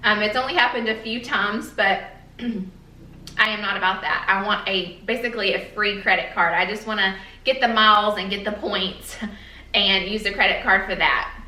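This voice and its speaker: A woman vlogger talks earnestly to camera with a bright tone and many fillers. Her voice sounds a little emotional. The room is echoey, and she sits some way from the mic. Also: mid-range voice, normal speed, far from the mic. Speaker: beauty vlogger. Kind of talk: casual chat to camera.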